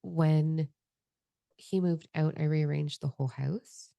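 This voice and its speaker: A woman's voice: low voice, steady tone, takes it slowly, gravelly, warm tone, no echo. A woman speaking as a podcast guest, blunt and profane, emotionally open in a candid conversation at her desk at home.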